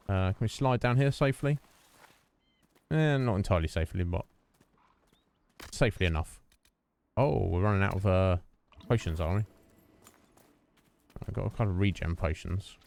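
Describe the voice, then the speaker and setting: In a low, creaky, darkish voice, this game streamer speaks briskly yet leaves long pauses. He chats casually, greets viewers and thinks out loud during play.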